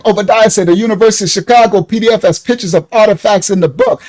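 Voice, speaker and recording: High-voiced, excitable male Bible teacher. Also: quick pace, few pauses. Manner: excitable, gets loud, keeps checking in with listeners.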